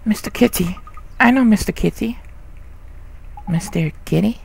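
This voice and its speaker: Odd little spirit girl, a man voicing her, high and coy, repeats herself. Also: measured pace, creaky, husky, heavily acted. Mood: eager.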